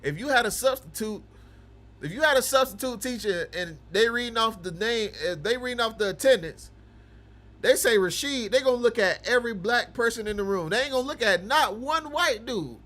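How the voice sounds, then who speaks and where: A man hosting a livestream, chatting casually with viewers and teasing them, going from low mumbling to loud ranting. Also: expressive, brisk. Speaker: livestream host of a game broadcast.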